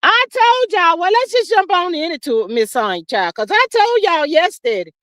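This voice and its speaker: An older woman hosts a relaxed gossip livestream with a slow, folksy drawl, greeting listeners as honey and child. She has a very high, sing-song voice with a fairly bright tone, and the recording is dry.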